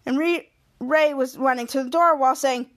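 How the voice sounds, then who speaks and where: A high-pitched woman hosting a casual podcast. She retells a TV episode with excitement and jumps into the characters' lines as she goes. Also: moderate pace. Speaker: podcast host.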